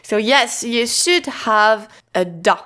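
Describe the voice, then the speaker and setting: A woman teaching a lesson in a casual, patient way, repeating points slowly with restarts and fillers. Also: on the high side, expressive, bright, forceful tone. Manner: slow, repetitive, patient explaining with many restarts and fillers. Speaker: Japanese teacher.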